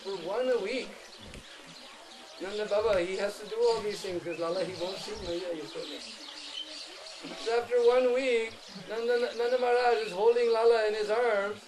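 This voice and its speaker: Male devotional speaker, high-pitched, dramatic storytelling, outdoor crowd noise. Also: normal speed. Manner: animated, dramatic storytelling with chanted phrases. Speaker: pilgrimage speaker. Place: outdoor holy site with a group.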